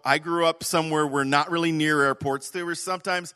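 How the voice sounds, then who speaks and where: A man preaching a sermon, telling an animated story, swinging from loud to hushed. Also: fairly high pitch, brisk, smooth. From Canada. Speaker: pastor.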